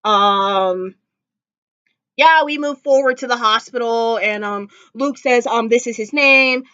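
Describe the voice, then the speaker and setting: Woman vlogger, casual gushing fan recap, high voice, dry slightly lo-fi home recording. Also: slow, pushed and bright, smooth, no echo. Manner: gushing, emotional fan talk with many fillers; close to tears at times. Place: indoors at home.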